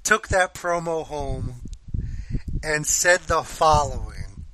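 A man hosting a casual podcast, telling stories in an animated way and laughing easily. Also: a little high, takes it slowly, slight background noise, rough recording. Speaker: podcast host. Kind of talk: casual chat about wrestling.

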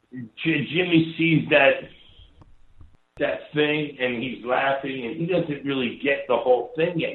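Man from Hawaii telling rambling stories. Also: fairly high pitch. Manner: rambling, swears freely, many fillers. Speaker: guest, former wrestler. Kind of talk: casual storytelling. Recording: echoey, tinny phone-like sound.

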